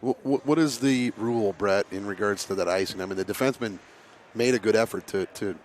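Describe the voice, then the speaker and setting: A man with a raspy voice calling a youth hockey game play by play, casual, with filler words and frequent throat clearing. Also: on the low side, a little fast, slight background noise. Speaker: play-by-play announcer. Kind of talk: amateur hockey commentary.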